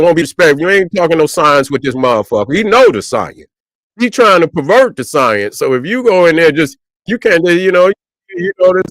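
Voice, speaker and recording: A man's voice: fairly high pitch, a bit bright, no room sound, studio quality. A man, ranting profanely and repetitively to viewers on a livestream. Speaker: online commentator.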